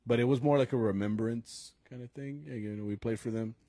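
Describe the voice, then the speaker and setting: Gig stories come loose and laughing from a young podcast co-host and mariachi musician during a live taping, filled with fillers and bits of Spanish slang. His medium-pitched voice is mellow and fairly quick, and the recording is dry.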